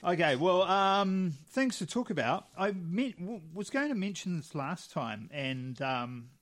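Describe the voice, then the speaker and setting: A young man co-hosting a casual podcast, his voice sitting a little high for a man. He rambles through his stories, corrects himself mid-sentence and laughs often. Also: expressive, measured pace, a bit bright. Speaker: podcast co-host. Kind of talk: casual chat.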